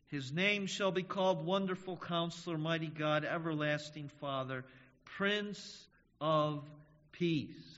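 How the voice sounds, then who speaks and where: Man preaching, slightly high voice, deliberate slow delivery, long church reverb, dull audio. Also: fairly bright tone. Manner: emphatic, slow and measured, stressing key words. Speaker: pastor. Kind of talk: sermon. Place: church sanctuary.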